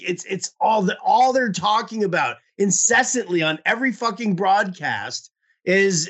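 Bright-voiced man ranting about fantasy football. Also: sits high. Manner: rambling, profane storytelling with many restarts. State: toothache pain. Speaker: podcast co-host. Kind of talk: casual fantasy football chat.

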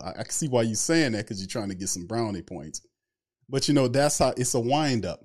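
Hosting a relaxed sports talk livestream, a man chats loosely and briskly, welcoming people in the chat by name. His voice is medium-pitched, a little mellow, with lively intonation.

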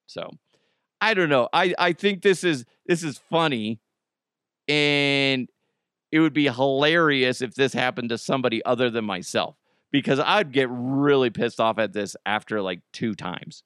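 A man's voice: medium pitch, measured pace, fairly bright tone, clear, resonant tone, dry recording, clean studio sound. A man hosting a podcast in casual comic chat, joking and slipping into silly put-on voices. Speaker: podcast host.

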